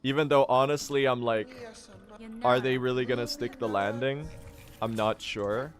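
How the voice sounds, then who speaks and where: A man's voice: medium pitch, steady tone, normal speed. A young man streaming a game speedrun, chatting casually in a rambling, self-deprecating way and laughing often.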